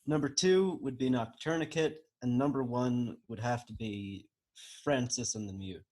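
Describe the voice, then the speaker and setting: A man's voice: mid-range voice, moderate pace, a little mellow. A man in a casual podcast chat, hesitant and self-deprecating. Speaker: podcast co-host.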